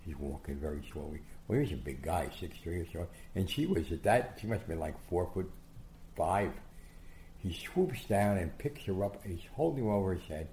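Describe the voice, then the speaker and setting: An older man spins anecdotes as an interview guest, acting out what people said. His voice sits low and gravelly. The room around him is roomy and echoing. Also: normal speed, slight background noise. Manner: animated, acts out quotes, many restarts. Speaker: guest storyteller. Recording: echoey room.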